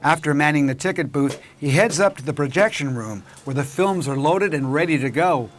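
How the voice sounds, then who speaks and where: A man narrating a local television documentary in a measured, clear storytelling voice. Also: on the high side, expressive, slight background noise. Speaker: program narrator and host.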